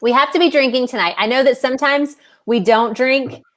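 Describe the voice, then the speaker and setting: A woman's voice: high-pitched, a little fast, a bit bright. A woman hosting a casual virtual happy hour, upbeat and chatty as she greets listeners over a video call. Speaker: host, co-owner of the show.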